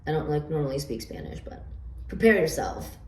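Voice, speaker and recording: A woman's voice: sits low, lively intonation, a little fast. Rambling woman with a roomy, distant sound. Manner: rambling, stammering restarts with many fillers. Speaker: oracle card reader. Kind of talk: casual show-and-tell of her own oracle cards. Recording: roomy echo, distant from the mic.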